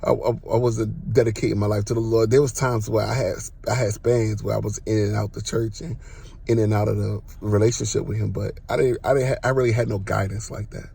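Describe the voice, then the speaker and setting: A man with a gravelly, husky voice tells a personal testimony on his podcast. He talks casually and with animation, dropping slang and acting out sudden exclamations. His delivery is loose and conversational. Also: lowish voice, level tone, brisk, warm tone. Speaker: podcast host.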